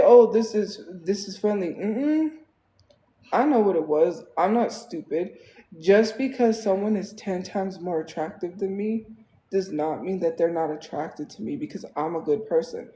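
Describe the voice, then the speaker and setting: A woman's voice: mid-range voice, mellow, echoey room, poor audio. A woman livestreaming, venting in a casual, exasperated way with lots of fillers.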